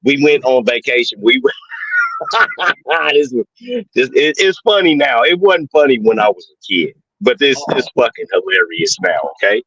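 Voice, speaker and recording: Animated, profane man caller on lo-fi audio. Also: mid-range voice, moderate pace, slightly rough, no room sound. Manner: animated, profane, laughs at his own story. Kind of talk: casual storytelling on a call-in show. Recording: dull, dry, lo-fi call audio.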